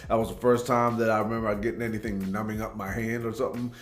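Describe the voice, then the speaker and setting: A man's voice: on the low side, little pitch movement, fast. A man from Tacoma, Washington, hosting a reaction video, telling rambling, laid-back stories and saying "man" a lot. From Tacoma, Washington, USA. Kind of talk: casual storytelling commentary. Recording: roomy echo with faint background music.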